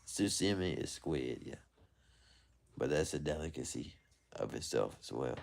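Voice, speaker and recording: A man's voice: extremely low pitch, lively intonation, a little slow, vocal fry. A young man casually chatting on a livestream, reading viewer comments in a loose, rambling way and laughing often. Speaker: livestream host.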